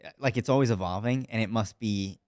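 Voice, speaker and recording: Guy host asking curious stuff, kinda low voice, dry sound. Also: fast talker, no room sound. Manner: brief affirmations and curious questions. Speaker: podcast host. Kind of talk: casual interview.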